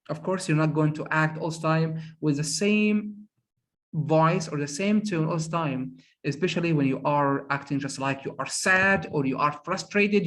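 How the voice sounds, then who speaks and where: Man, English conversation teacher, emphatic, repeats himself, fairly high voice. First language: Arabic. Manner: emphatic, repeats words, many "of course"s. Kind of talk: classroom discussion.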